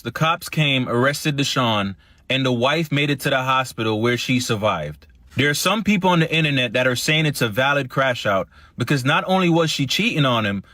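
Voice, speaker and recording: A man reading a news story recap in a steady, matter-of-fact way. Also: mid-range voice, no room sound, clean studio sound. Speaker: news narrator.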